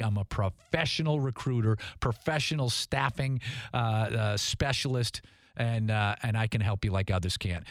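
A man's voice: on the low side, normal speed, no room sound, clean studio sound. A middle-aged man hosting a radio show, chatting in a casual, self-assured and boastful way. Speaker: radio show host and recruiter.

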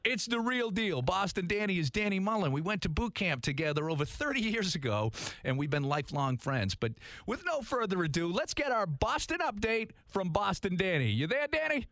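Man, 50s, talk show host, animated delivery, slightly high voice, dry studio sound. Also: moderate pace, dry recording. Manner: lively, easily cracking up. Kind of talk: casual radio chat.

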